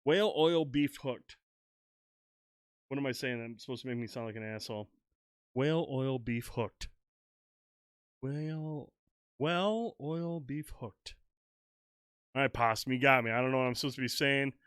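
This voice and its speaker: A man co-hosting a casual podcast chat, excitable and swearing freely as he jokes along. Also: mid-range voice, normal speed, pauses often, clear, resonant tone, dry recording, studio quality. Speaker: podcast co-host.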